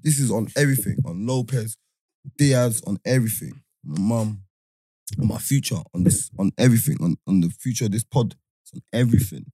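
A man, telling a story in casual podcast chat, animated and full of laughter and slang. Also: lowish voice, fairly quick, breathy edge, no echo, studio quality. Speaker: podcast host.

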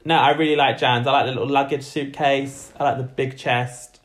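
A man co-hosting a podcast, giving blunt, quick opinions in casual chat. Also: mid-range voice, flat delivery. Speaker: podcast co-host.

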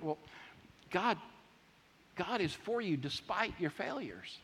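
A man preaching a sermon, emphatic and repetitive, swinging from loud declarations to hushed asides. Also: sits high, sing-song, slow, pauses often, a little hiss or hum. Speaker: pastor. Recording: long hall reverb.

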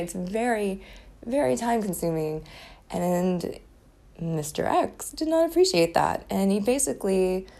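A woman's voice: on the low side, vocal fry, mellow. A woman in her forties hosting a solo podcast, talking candidly and with a lot of swearing, with a slight lisp from a chipped tooth and frequent laughs. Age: 40s. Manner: candid, profane, laughs often. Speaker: podcast host. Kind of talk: casual solo podcast chat.

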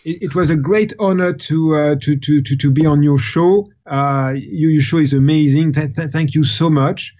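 A man, a guest on an interview show, speaking in a halting way with many repeats and fillers. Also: a little high, fairly even intonation, warm tone. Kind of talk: casual interview talk. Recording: slightly muffled audio.

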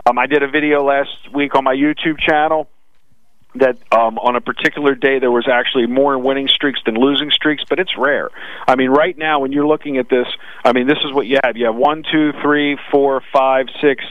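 A man with a Brooklyn accent analyzing sports betting odds on a radio talk show, talking fast with frequent restarts. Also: medium pitch, steady tone, no room sound, narrow, tinny audio. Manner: rapid with frequent restarts, "listen".

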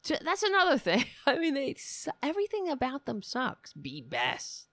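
A woman's voice: sits high, lively intonation, normal speed, fairly bright tone, dry recording. A woman hosting a podcast, delivering angry political commentary in a sarcastic, profane rant. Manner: sarcastic, profane ranting with mocking voices. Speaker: podcast host.

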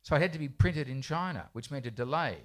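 Speaking on a festival panel in an indoor bookshop event space, a man who writes poems for children tells a live audience a rambling anecdote at his own expense, restarting often. His mid-range voice is a bit bright, with lively intonation and a quick pace.

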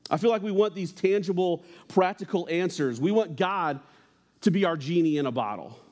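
A young man preaches to a church congregation in a loose, conversational way. His voice sits a little high, and he slips in jokes and asides between the readings. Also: expressive, moderate pace, darkish tone. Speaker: pastor. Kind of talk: casual sermon.

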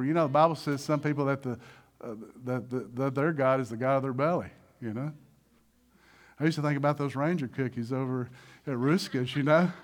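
A male pastor preaching a sermon in an animated way, acting out little voices and swinging between loud and soft. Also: sits high.

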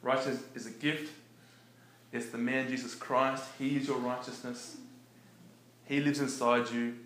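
A man preaching in a relaxed, conversational way, often chuckling between his points. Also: medium pitch, unhurried. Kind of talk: conversational sermon. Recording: echoey room with faint background noise.

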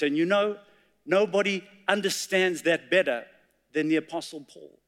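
Male preacher, high pitch, long reverb of a church hall, storytelling sermon. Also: moderate pace, fairly bright tone. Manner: storytelling, reciting poetry dramatically.

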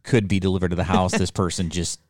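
A man chatting casually on a podcast, telling a story with lively, acted-out quotes. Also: deep voice, fast, dry recording, clean studio sound. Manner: animated storyteller, acts out quotes. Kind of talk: casual chat.

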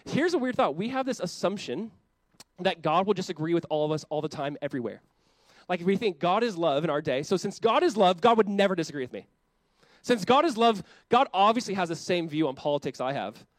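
A man preaching a sermon as a pastor, lively and acting out quick imagined voices as he goes, often breaking off mid-word to restart. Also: high-pitched, dry recording. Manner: animated, acts out quoted voices, self-interrupting.

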